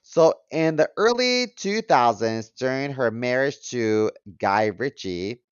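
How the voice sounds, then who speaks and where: A man's voice: medium pitch, lively intonation, slow pace, clean tone, no echo. A man in his thirties co-hosting a comedy podcast, chatty and joking as he runs through a list. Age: 30s. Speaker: podcast co-host. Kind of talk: casual comedic chat. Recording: dull dry mic sound.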